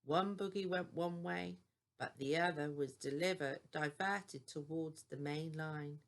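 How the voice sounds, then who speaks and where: An older woman reading a children's bedtime story aloud in a gentle, deliberate way. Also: low voice.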